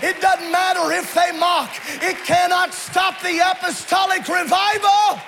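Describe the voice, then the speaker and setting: A male pastor with an unusually high-pitched voice delivers a fiery sermon in a church sanctuary. He shouts often, rising and falling in a rhythmic preaching cadence. A faint murmur from the congregation and a light background hum sit behind him. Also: level tone, measured pace, gravelly, crowd noise.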